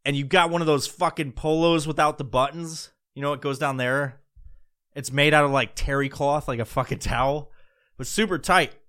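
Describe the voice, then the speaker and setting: Profane ranting man, high smooth voice. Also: a bit bright. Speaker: podcast host. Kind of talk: comedic rant.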